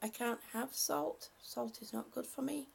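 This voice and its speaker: Gravelly-voiced woman chatting on a live stream. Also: a little high, steady tone, a little slow. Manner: warm, thankful, emotional, laughs often. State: short of breath. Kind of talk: casual live-stream chat, reading comments.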